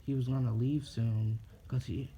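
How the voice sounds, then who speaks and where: A man's voice: medium pitch, steady tone, normal speed, dark tone. A man casually telling an improvised fan story, rambling and swearing. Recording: dull lo-fi recording with faint noise.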